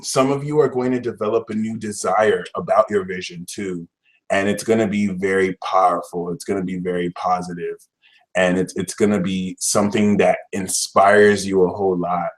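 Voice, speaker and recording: A man giving a casual tarot reading, talking in a slangy, exasperated, theatrical way. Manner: dramatic, exasperated, swings to shouting and high-pitched outbursts; slang-heavy, fillers like "like", "y'all". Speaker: tarot reader.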